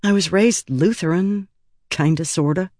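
A man's voice: sits high, a little slow, a little mellow, no room sound, clean studio sound. A man reading an audiobook, voicing a young woman recruit who speaks plaintively and hesitantly. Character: young adult woman, a bewildered new recruit.

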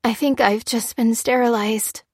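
A woman's voice: on the high side, steady tone, unhurried, slightly rough, dry recording, studio quality, voice pushed up. A woman voicing a frightened young woman who speaks in a nervous, shaken way.

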